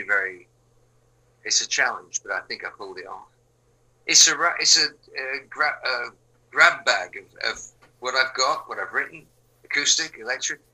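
Hombre mayor de Inglaterra, voz muy brillante. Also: male voice, medium pitch, rough recording. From England. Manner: rambling, frequent fillers and restarts, drops to quiet asides. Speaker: musician guest. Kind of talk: relaxed interview chat.

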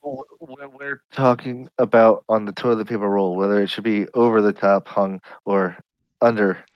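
A man's voice: fairly low pitch, steady tone, moderate pace, dry recording, dull audio. Jokey man on a dry close mic. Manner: rambling, jokey, mock-earnest. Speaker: podcast co-host. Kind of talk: casual chat.

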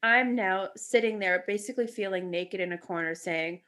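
Woman talking straight about hard stuff, swears a lot, does her inner voice out loud. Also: mid-range voice, moderate pace. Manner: blunt, emotional, swears freely, acts out her inner voice. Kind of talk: casual heart-to-heart chat.

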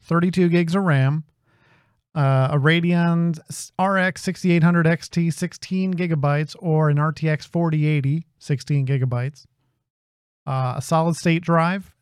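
A man's voice: on the high side, steady tone, moderate pace, clean tone, no room sound. A man co-hosting an audio podcast, reading out hardware requirements with dry, joking asides. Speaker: podcast co-host. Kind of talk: casual podcast chat.

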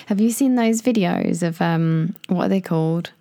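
A woman's voice: on the low side, moderate pace, dark tone. A young woman with a British English accent, chatting playfully and casually in a podcast conversation, often trying out phrases. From Britain.

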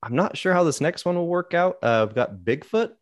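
A man on a casual podcast, reading out a list in a steady, matter-of-fact way with small asides. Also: fairly high pitch, brisk. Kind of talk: casual chat.

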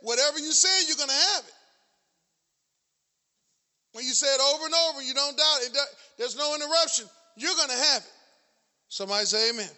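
A middle-aged male pastor preaching a sermon, building to shouts and repeating his phrases. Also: very high voice, fairly quick, pauses often, big-room sound.

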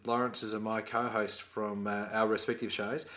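An Australian man on a podcast, telling a story lively and acting out quotes. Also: on the low side, moderate pace. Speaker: podcast co-host. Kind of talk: casual podcast chat.

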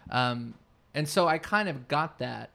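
A man's voice: medium pitch, expressive, a little slow, creaky, sharp tone. A man co-hosting a podcast in casual chat, rambling and searching for his words mid-sentence. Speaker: podcast co-host.

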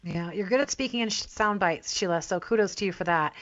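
A woman's voice: mid-range voice, brisk, fairly bright tone, highs cut off. A woman hosting an interview, asking questions in a friendly, easygoing way. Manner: friendly, lightly laughing questions. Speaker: interview host. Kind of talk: casual interview.

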